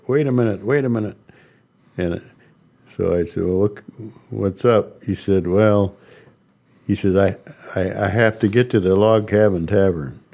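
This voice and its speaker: An older man tells stories at a slow, unhurried pace. His voice is low and mellow. He talks haltingly, with frequent restarts and soft chuckles. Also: gravelly. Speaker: interviewee recounting ministry. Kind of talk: storytelling interview.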